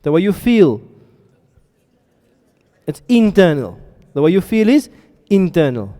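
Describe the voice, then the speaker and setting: A man's voice: high voice, very animated, measured pace, warm tone. A man teaching a classroom lesson, often stopping to ask his students questions and check they are following. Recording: reverberant hall sound.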